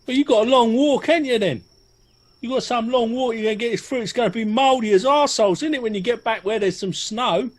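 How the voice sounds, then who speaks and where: A big, quarrelsome fighter, played by a man, blunt and swearing freely. His voice sits unusually high for a man. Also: a little fast. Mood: brash. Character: big, brash, touchy man-at-arms.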